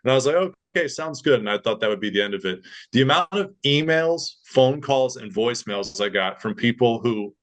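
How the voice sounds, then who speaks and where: A man's voice: medium pitch, brisk, few pauses. A young man, a podcast guest, telling a story in casual chat and acting out the voices of the people he quotes. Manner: animated, acts out others' voices in quotes.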